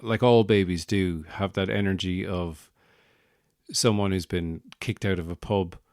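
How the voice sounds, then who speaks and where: Deep-voiced Irish man telling a comic story. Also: steady tone, measured pace, darkish tone, no room sound, clean studio sound. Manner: rambling, digressive, wry. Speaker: podcast host.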